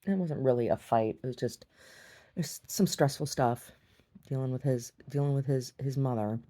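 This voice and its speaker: A woman's voice: extremely low pitch, moderate pace, dark tone. A middle-aged woman, a gallery owner, chatting in a meandering, giggly way in a casual monologue.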